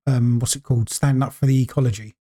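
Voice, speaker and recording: A man's voice: mid-range voice, steady tone, fast, mellow, slightly rough. Laid-back, teasing man. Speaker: podcast co-host. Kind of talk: casual chat.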